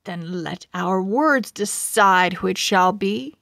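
A woman's voice: on the low side, steady tone, slow pace, fairly bright tone, dry recording, clean studio sound. A woman voicing a harsh, sneering young male rival in a storybook read-aloud, with a jeering manner. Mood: menacing.

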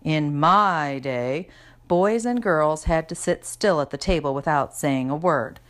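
Woman reader playing a stern old granny; low, slow, dramatic, disapproving storybook voice. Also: expressive.

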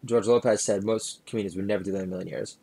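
A man's voice: steady tone, racing, vocal fry, breathy edge. A middle-aged man hosting his own podcast, talking through a rambling comedic monologue with many filler sounds. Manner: shifts into loud high-pitched ranting bits, then mumbly asides full of uh. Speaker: podcast host and stand-up comedian.

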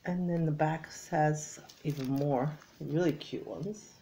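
Slow, gravelly-voiced tired woman. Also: a little hiss or hum. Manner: soft, low-energy, often drops to a whisper. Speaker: crafting vlogger. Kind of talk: casual unboxing chat.

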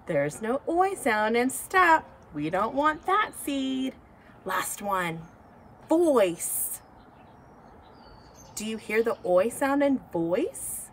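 A woman teacher giving a slow, encouraging phonics lesson to young children. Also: a little high, very animated, a little hiss or hum. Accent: American. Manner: slow, encouraging, sing-song teacher talk.

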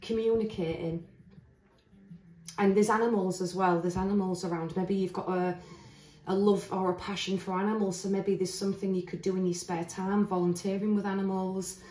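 A woman's voice: mid-range voice, little pitch movement, moderate pace, darkish tone. Woman, tarot reader, chatty and earnest, thinking aloud, roomy reverb, distant mic. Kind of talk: casual spoken tarot reading. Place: indoors, standing at a table of cards. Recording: roomy echo, voice heard from a distance.

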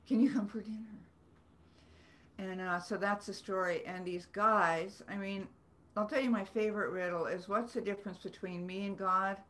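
A woman's voice: mid-range voice, fairly even intonation, normal speed, hardly any pauses, sharp tone. A woman, an author telling rambling, earnest stories with self-deprecating humor on a video call. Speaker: author guest. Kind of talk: storytelling in a video-call book club.

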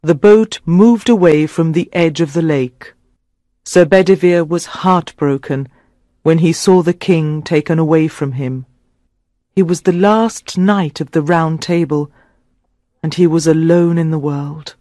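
A man narrating a simple story for English learners with a clear, dramatic reading. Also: fairly high pitch, unhurried, dark tone, no echo, clean studio sound.

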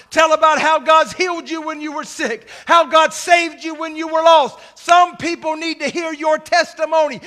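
High, bright-voiced shouting preacher. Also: male voice. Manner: swings from shouting to hushed asides. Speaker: pastor. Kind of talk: sermon.

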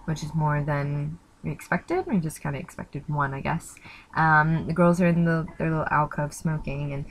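A woman's voice: deep voice, a little hiss or hum, rough recording. A young woman casually recounting a story, rambling with many fillers and acting out what others said. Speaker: missionary recounting outreach.

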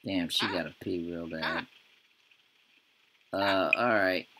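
Very deep-voiced woman cursing through gameplay. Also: slow, bright, forceful tone. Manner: profane, exasperated ranting at the game. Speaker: gaming channel host. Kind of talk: let's-play gameplay commentary.

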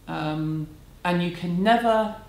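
A woman's voice: lowish voice, slow, darkish tone. A woman, answering viewer questions at home in a candid, chatty, self-deprecating way. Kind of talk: casual chat. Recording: echoey room, faint background hum.

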